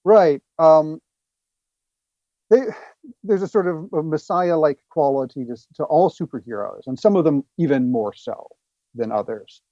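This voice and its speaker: A man's voice: on the high side, a little slow, mellow, dry recording, highs cut off. A man, a guest author, answering interview questions earnestly with hesitant fillers.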